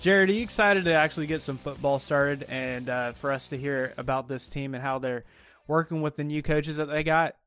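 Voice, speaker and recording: A man's voice: on the high side, fairly quick, fairly bright tone, clear, resonant tone, soft background music. Laid-back young man hosting sports talk. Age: young adult. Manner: laid-back, laughs often, trailing off. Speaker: podcast host. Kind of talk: casual sports chat.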